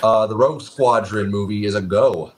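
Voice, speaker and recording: Co-host, man, fairly low voice, steady and informative. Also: moderate pace. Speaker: podcast co-host. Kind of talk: casual chat.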